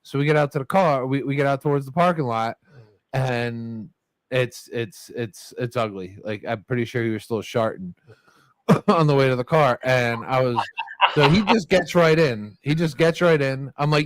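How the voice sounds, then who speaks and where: A man's voice: medium pitch, moderate pace, no room sound. A man spins a messy, crude anecdote for his friends, swearing freely and breaking into laughter as he goes. His voice sits in a middle register and sounds dry and close to the mic. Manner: rambling, profane, laughing through the story. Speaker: storyteller in a group chat. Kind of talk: casual storytelling with friends. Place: bar or podcast table with friends.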